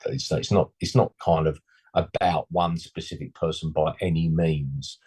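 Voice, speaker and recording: Deep husky man in his sixties. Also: fairly even intonation, normal speed, mellow. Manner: rambling, full of "you know", blunt slangy asides. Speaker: musician guest. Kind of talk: casual interview chat.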